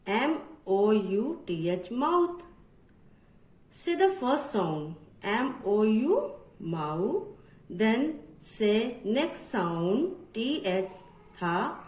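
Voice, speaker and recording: Slow, lively woman teaching phonics. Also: fairly high pitch, echoey room, rough recording. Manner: slow, spells words letter by letter; repetitive, instructive drill. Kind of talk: phonics lesson for children.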